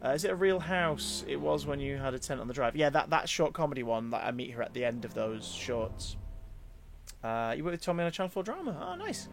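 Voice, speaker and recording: Gravelly man chatting on stream. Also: medium pitch, sing-song, brisk, over music. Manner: chatty storyteller, rambling with restarts, reads out chat. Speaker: game streamer. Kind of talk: casual live-stream chat.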